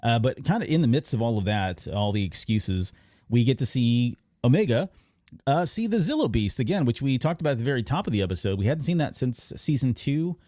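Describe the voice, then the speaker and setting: A man hosting a podcast, casually recapping an animated episode in a rambling way. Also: mid-range voice, brisk, no room sound, studio quality. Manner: rambling recap with many fillers and restarts. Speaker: podcast host. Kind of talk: casual episode breakdown chat.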